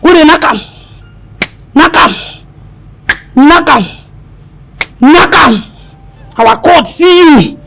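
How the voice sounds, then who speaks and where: A woman's voice: sits high, lively intonation, takes it slowly, vocal fry, long pauses, a bit bright, a little hiss or hum, heavily acted. An actress with a Nigerian accent playing a devout, dramatic young housemaid who wails and preaches at her employer. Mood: preaching. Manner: wailing outbursts, preachy, mixes in Pidgin. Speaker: maid.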